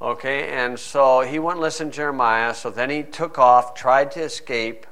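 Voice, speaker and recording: Preacher, man, mid-pitched, bright and forceful delivery, punches key phrases. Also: fairly even intonation, moderate pace. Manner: emphatic, swings between quiet asides and loud stressed phrases. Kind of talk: sermon.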